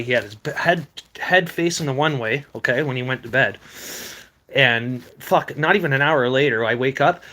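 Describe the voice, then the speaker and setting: A young paranormal video creator with a sharp, mid-range male voice tells stories of strange experiences casually. He rambles, swears, and uses plenty of fillers.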